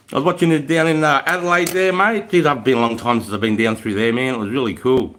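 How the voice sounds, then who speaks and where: A man's voice: on the high side, moderate pace, a bit bright, a little hiss or hum. A middle-aged Australian man hosting a casual livestream from home, chatting with viewers and swearing freely, with plenty of "mate" and "bro". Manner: laid-back, swears freely, laughs easily, lots of mate and bro. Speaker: livestream host. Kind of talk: casual livestream chat reading out viewer comments. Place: indoors at home by a wood fire.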